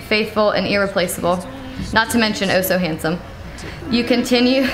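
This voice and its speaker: A young bride in her twenties reads a letter with sincere warmth of feeling. Her voice sits at a mid pitch for a woman. Music plays clearly beneath her. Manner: heartfelt and sincere. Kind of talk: reading a letter. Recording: with music playing over it.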